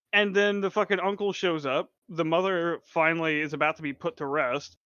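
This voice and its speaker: A man's voice: a little high, fairly even intonation, measured pace, sharp tone, no room sound. A man co-hosting a casual movie chat, swearing freely and laughing often. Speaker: podcast co-host. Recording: dull, lo-fi and dry.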